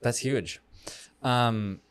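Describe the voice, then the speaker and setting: A man's voice: medium pitch, very slow, smooth, no echo. Easygoing male podcast host, dry sound. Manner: relaxed, conversational with many fillers. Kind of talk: casual podcast interview.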